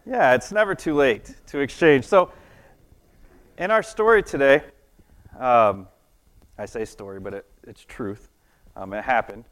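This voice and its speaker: A man's voice: mid-range voice, unhurried, long pauses, a bit bright. A man giving a casual children's sermon, chatty and playful, often asking the kids questions and laughing at his own jokes. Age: adult. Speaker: children's church teacher. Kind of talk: children's sermon with object lesson.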